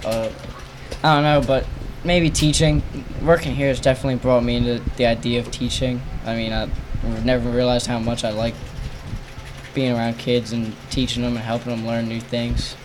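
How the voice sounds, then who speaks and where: A soft-spoken young man answers hesitantly in a casual podcast chat, with a mid-pitched voice. Light background noise sits behind him. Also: flat delivery, moderate pace. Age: young adult. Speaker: camp counselor.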